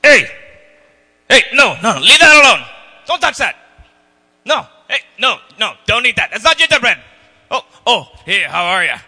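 A man's voice: very high voice, very animated, normal speed, long pauses, sharp tone, exaggerated voice. A man voicing a goofy, self-important Scottish rapper who rambles and laughs at his own jokes, with a Scottish accent. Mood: boastful. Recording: long hall reverb.

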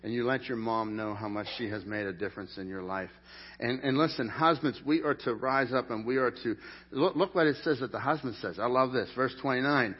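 A middle-aged man preaching a sermon in an animated, jokey way, with sudden loud peaks. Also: mid-range voice, a little fast, breathy edge. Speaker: pastor. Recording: dull lo-fi sound.

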